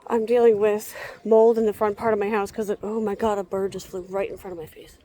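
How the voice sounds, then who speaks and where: A woman's voice: medium pitch, level tone, a little fast, dark tone, low-quality recording. Tired young woman rambling on a zoo walk. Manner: rambling, tired, sighing often. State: exhausted. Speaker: vlogger. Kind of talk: rambling vlog chat. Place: outdoors walking around a zoo. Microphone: handheld phone camera.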